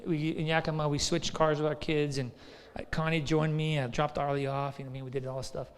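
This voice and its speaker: Conversational pastor in an echoing hall. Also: male voice, fairly high pitch, flat delivery, quick pace. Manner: conversational, storytelling, frequent "right?". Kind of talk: sermon. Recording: long hall reverb.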